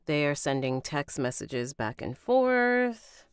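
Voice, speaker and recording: Slow, low-voiced woman rehearsing a read. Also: big pitch swings, clean tone, dry recording, studio quality. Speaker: audiobook voice actor rehearsing. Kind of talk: casual read-through with asides.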